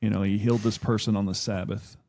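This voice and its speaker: A man in casual chat who chimes in with relaxed, short remarks. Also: fairly low pitch, fast, creaky, no echo.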